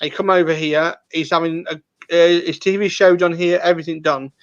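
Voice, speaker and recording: A man's voice: a little high, steady tone, normal speed, dull audio. A man, chatting casually as host and telling stories with acted-out quotes. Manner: chatty storyteller who acts out quotes. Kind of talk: casual chat.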